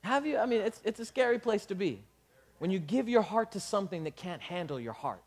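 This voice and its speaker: A man preaching a sermon as pastor, animated, acting out dialogue and building up to shouts. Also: high voice, a little fast.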